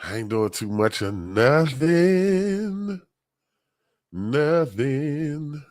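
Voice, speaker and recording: A man's voice: fairly high pitch, sing-song, extremely slow, a little mellow, no echo. Man, live stream host, under the weather, easygoing slangy chat, dry sound. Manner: laid-back slangy talk, greeting viewers by name.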